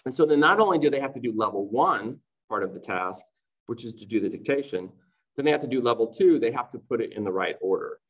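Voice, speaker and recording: A man's voice: medium pitch, animated, fast, poor audio. Man giving a chatty teaching talk. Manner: explanatory, chatty, often asks "right?". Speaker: teacher presenting at a conference. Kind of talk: online conference presentation.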